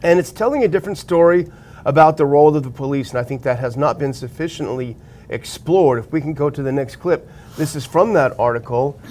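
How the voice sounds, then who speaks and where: Higher-voiced man hosting political commentary. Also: brisk, darkish tone, slight background noise. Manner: reads article quotes and adds blunt remarks. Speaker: show co-host. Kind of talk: political commentary, reading news aloud.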